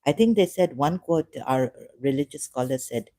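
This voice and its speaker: A woman with a Sindhi Khoja accent, talking on a live stream in a halting, rambling way, often searching for words and slipping into Hindi-Urdu. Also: very deep voice, lively intonation, mellow.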